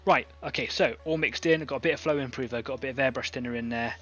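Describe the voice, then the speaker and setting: A man's voice: mid-range voice, fast, lo-fi sound, faint music behind. Chatty man demoing airbrush painting. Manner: chatty, thinking aloud with fillers. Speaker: online painting club host. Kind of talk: casual live-stream painting demo.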